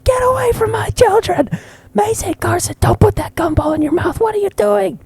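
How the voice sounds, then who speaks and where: A man putting on a high, furious voice to play an overprotective mother who screeches and curses at a stranger. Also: expressive, normal speed, no echo. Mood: shrieking angry. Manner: screeching, cursing, high-pitched shouting.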